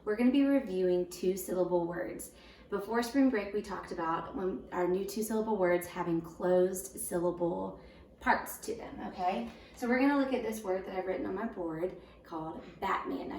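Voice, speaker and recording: A woman teaching first graders a recorded home lesson, patient and slow, sounding words out syllable by syllable. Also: mid-range voice, a little mellow, a little hiss or hum. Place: home room. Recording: roomy echo, voice a bit far from the mic.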